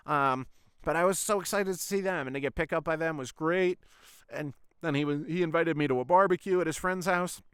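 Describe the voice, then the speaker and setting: A man's voice: on the high side, brisk, fairly bright tone, clear, resonant tone, no echo, clean studio sound. Rambling, sweary podcast host man. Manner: rambling, sweary, full of "like" and "I was like" retellings. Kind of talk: casual storytelling monologue.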